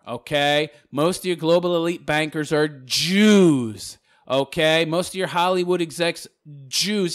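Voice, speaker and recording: A fast-talking man rants casually to camera, answering critics in a mocking, sarcastic tone. His voice sits a little high and swings widely in pitch. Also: a bit bright. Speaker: video commentator replying to comments.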